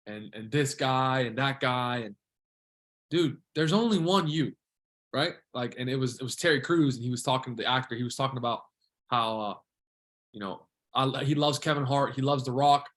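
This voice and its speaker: A man hosts a podcast in a mid-pitched, everyday voice. He talks earnestly and casually, swearing freely and calling his guest bro. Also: fairly bright tone. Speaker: podcast host.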